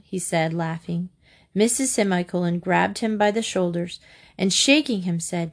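A woman narrating a children's storybook aloud in a measured, expressive reading. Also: on the low side. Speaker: audiobook narrator.

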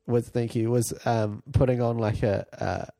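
A man with a dark, mellow voice co-hosting a casual podcast, explaining things in halting runs full of ums. The sound is dry and close-miked. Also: mid-range voice, steady tone, gravelly, dry recording. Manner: rambling, halting explanations with fillers. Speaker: podcast co-host. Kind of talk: casual chat.

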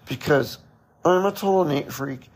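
A man's voice: fairly high pitch, measured pace, slightly rough. A man hosting a podcast, casually telling a story in a chatty way, laughing often and restarting his sentences. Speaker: podcast host.

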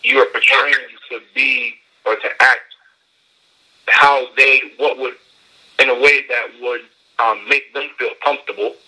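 Man with a bright, sharp voice. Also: medium pitch, animated, a little slow, low-quality recording. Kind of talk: casual podcast conversation.

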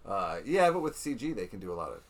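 Easygoing low-voiced man chatting. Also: sing-song, fast talker. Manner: easygoing, laughs often, teasing. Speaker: podcast co-host. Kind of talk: casual chat.

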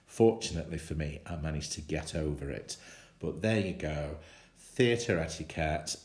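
A man telling a personal anecdote in a lively way, often chuckling as he speaks. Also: very deep voice, moderate pace. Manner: animated storyteller, chuckles often. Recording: roomy echo.

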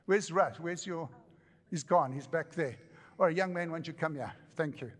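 A male pastor giving an animated, joking sermon with repeated phrases to a congregation. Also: a little high, normal speed, big-room sound. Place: church hall with congregation.

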